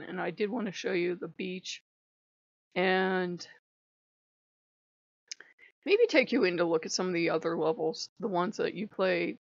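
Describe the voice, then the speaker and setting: A woman vlogger chatting casually and laughing as she retells stories in an animated way. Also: on the low side, gravelly, no room sound, highs cut off. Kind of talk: casual chat.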